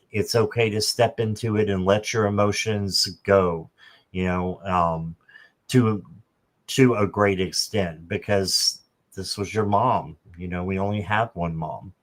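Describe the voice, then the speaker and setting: A man hosting a live stream, giving a gentle, reassuring tarot reading card by card. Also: on the low side, steady tone, a little slow. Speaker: tarot reader and channel host.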